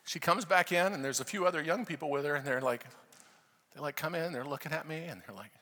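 An American man preaching a sermon, telling a story with passion and moving between loud fervent prayer and hushed narration. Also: fairly high pitch, fast. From United States. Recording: reverberant hall.

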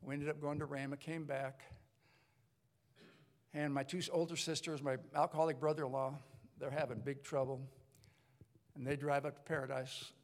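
An older man, a pastor, telling his story in a sermon, lively, with many restarts and acted-out voices. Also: fairly high pitch, moderate pace, long pauses. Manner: animated storyteller, acts out voices, rambling restarts. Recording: long hall reverb.

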